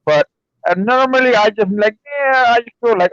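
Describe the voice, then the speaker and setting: Casting: man, high animated voice, rambling chatty stream co-host, dull lo-fi sound. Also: no echo. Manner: rambling, halting, lots of fillers. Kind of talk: casual chat. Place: home streaming setup.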